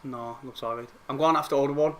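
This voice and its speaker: A young man, excitably commentating on a football match for his live-stream viewers and swearing freely. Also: mid-range voice, quick pace, crowd noise.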